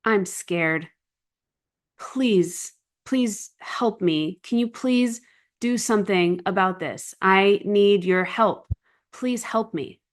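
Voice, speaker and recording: A woman voicing a frightened young woman in her early twenties, pleading softly for help. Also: medium pitch, slow, natural voice. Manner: pleading, soft.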